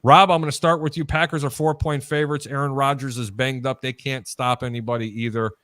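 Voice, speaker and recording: A man's voice: medium pitch, level tone, fairly quick, fairly bright tone, no room sound, clean studio sound. A man hosting a live sports betting talk show, chatty and storytelling, mimicking announcers as he goes. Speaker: host.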